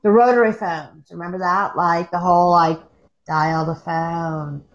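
A woman's voice: fairly low pitch, steady tone, a little slow, lo-fi sound. A woman from the Pittsburgh area chatting casually on a podcast, rambling and laughing easily. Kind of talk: casual chat.

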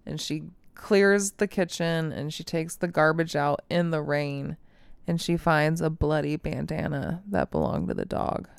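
A woman casually recapping a movie plot in animated detail, swearing freely and acting out the characters' lines. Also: deep voice, unhurried, creaky, clean tone, dry recording. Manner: animated storytelling, frequent swearing, acts out quotes. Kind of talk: casual chat.

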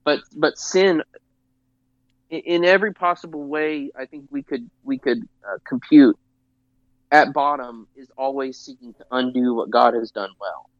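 Co-host, man, mid pitch, earnest and emphatic, slightly dull dry recording. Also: dry recording. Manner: earnest, emphatic, halting restarts. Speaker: podcast co-host. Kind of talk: casual religious discussion.

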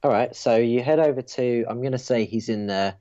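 A man narrating a tabletop role-playing game as its game master, pausing often with hesitant fillers. His voice sits in an ordinary middle pitch, and the recording is dull and lo-fi. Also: dark tone. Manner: hesitant, lots of ums.

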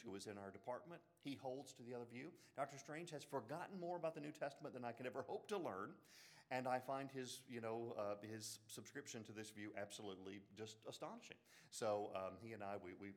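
Southern man giving an animated lecture. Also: lowish voice. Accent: Southern US, Alabama. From Birmingham, Alabama. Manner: animated, joking asides, frequent restarts. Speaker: Bible lecturer. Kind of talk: classroom lecture.

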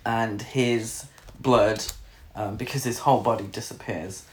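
A man co-hosting a relaxed chat about a film, laughing often, swearing freely and sometimes mimicking characters. His voice sits at an ordinary pitch. The room around him is echoey. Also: a little slow. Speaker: film review podcast co-host. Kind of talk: casual chat.

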